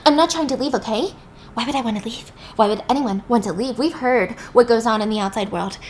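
An unhinged male asylum patient, menacing and rambling on insistently, as a woman voices him in a film recap. He repeats himself and grows louder as he goes on. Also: a little high, a little fast, slight background noise, close to an everyday voice.

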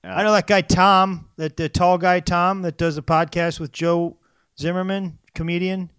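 A man co-hosting a podcast, chatting easily about crossword clues, often stammering and quick to tease his partner. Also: high voice, steady tone, fairly bright tone, clean tone, no echo, studio quality. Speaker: podcast co-host.

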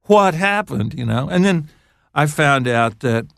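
An older man, a songwriter guest on an interview show, telling stories in a halting, laughing way. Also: a little high, animated, gravelly, fairly bright tone, no room sound, studio quality. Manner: halting, restarts phrases, laughs while telling. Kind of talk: casual storytelling interview.

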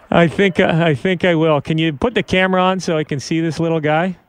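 A man's voice: on the high side, sing-song, normal speed, a little hiss or hum. Tender man hosting a podcast. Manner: tender, laughs often, a little choked up. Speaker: podcast host and father. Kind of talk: casual podcast chat.

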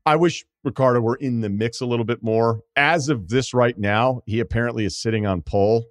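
A man's voice: mid-range voice, a little fast, dry recording. A man hosting a sports podcast, chatting casually and rambling with self-deprecating asides into a studio microphone. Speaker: podcast host.

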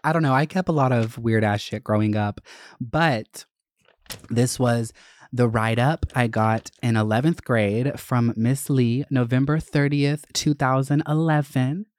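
A man's voice: medium pitch, steady tone, measured pace, no echo. A man host in casual storytelling mode, candid and freely profane, chatting through old school memories. His voice sits in a middle register and sounds dry and close to the mic. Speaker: podcast host.

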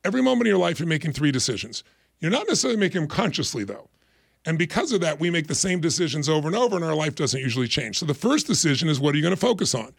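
A middle-aged man speaks emphatically and acts out short quoted voices. His voice is gravelly and sits a bit high for a man, and he talks at a rapid clip. The sound is dry and close to the mic. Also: very animated, no room sound. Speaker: guest, life strategist. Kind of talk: motivational explanation in interview.

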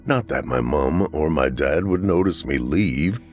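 A man with a very low voice reads a first-person horror tale in a somber, measured way. His pitch swings widely as he tells it. Soft music plays faintly underneath. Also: expressive. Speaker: horror story narrator. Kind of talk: scripted horror narration.

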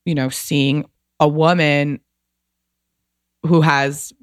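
A woman's voice: deep voice, level tone, drawn-out words, clean tone, dry recording, clean studio sound. A woman guest telling a personal story in a casual, emotional way, rambling with lots of fillers and restarts.

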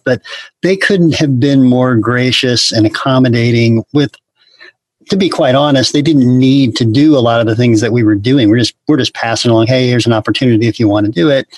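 A man from the concert marketing side chats in a dry, close-sounding recording. He hesitates with frequent ums, then speeds through quick asides, at a middle pitch. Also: no room sound. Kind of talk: casual chat.

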